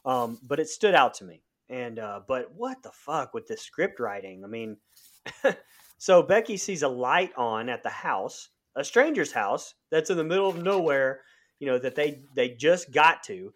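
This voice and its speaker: A man's voice: medium pitch, sing-song, unhurried. A man co-hosting a podcast, reviewing a horror movie in blunt casual chat, swearing and laughing as he rambles. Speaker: podcast co-host.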